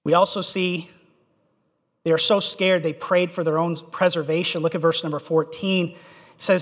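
High-voiced preacher in an echoing hall. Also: male voice, normal speed. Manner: animated storytelling with acted-out quotes. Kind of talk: expository sermon. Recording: dull recording in a reverberant hall.

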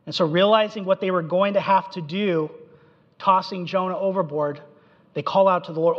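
A man's voice: high voice, fairly even intonation, moderate pace. A man preaching a sermon, telling the story with animation and acting out the quotes, in a dull recording in a reverberant hall. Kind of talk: expository sermon.

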